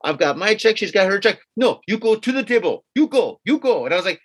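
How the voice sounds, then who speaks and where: Co-hosting a podcast, this high-pitched man talks fast with few pauses. He's animated while casually recounting a story, performing other people's quotes with some swearing mixed in.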